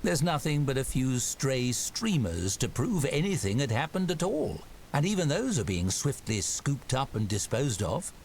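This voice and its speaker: A man's voice: mid-range voice, big pitch swings, moderate pace, a little mellow, slight background noise. A man giving scripted narration for a story game in a dry storybook manner.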